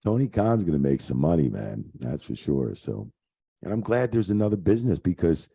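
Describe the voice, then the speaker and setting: A man's voice: low voice, big pitch swings, normal speed, vocal fry, dark tone, breathy edge. A middle-aged man, a retired referee, telling rambling stories in a casual interview, full of fillers and swearing. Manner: rambling, profane, lots of fillers. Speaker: guest, retired wrestling referee.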